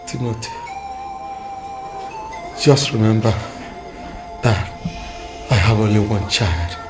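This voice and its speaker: A dying Nigerian father. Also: on the low side. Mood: tender. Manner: slow, solemn, halting phrases. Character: dying father, older man, grave and gentle. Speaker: actor in a film drama. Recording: film soundtrack with loud background music.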